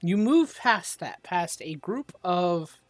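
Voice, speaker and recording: Slow, hesitant man running a game. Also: sits high, lively intonation, no room sound. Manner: hesitant, trails off with fillers. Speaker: game master. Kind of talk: narrating a tabletop game. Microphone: online voice call.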